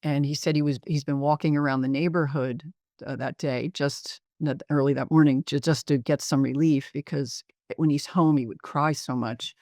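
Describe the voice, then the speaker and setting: A middle-aged man with a slightly high, gravelly voice presents a clinical case over a video call. He talks in a measured, reflective way, pausing often to find his words. The sound is dry and close. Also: steady tone, darkish tone, no room sound.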